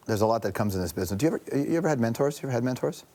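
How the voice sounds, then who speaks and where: A Canadian man hosts a talk show with fast, animated delivery. His pitch jumps around as he teases his guest, and clear background noise sits under his voice. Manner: quick, playful, teasing. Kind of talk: lively interview banter.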